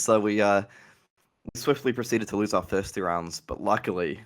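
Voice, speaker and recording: A man's voice: on the low side, a little fast. A man being interviewed on a podcast, telling casual stories and laughing often. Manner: chatty anecdotal storyteller, laughs often. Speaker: guest, organized play manager.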